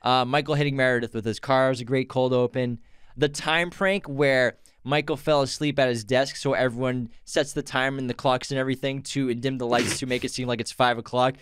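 A man's voice: medium pitch, steady tone, brisk, fairly bright tone, clean tone, no room sound, studio quality. A young man co-hosting a podcast, casually running through favorite episodes and laughing as he goes. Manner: lists episodes, laughs often, quotes characters. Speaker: podcast co-host. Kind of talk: casual chat.

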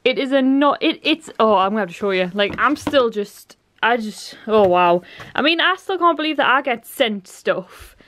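A woman's voice: a little high, lively intonation, normal speed, a bit bright, slight background noise. A young woman talking casually in a vlog, chatty and flustered, tired and stressed. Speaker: vlogger.

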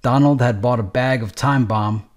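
A man's voice: medium pitch, normal speed. Man narrating a gritty street novel. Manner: streetwise, profane, matter-of-fact reading. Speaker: audiobook narrator.

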